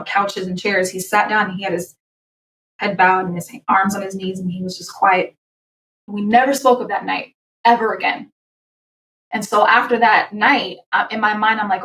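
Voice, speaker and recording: A woman's voice: medium pitch, distant mic. Woman singer telling her story, roomy sound. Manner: animated, quick, with laughs and restarts. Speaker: guest, singer. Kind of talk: candid personal storytelling.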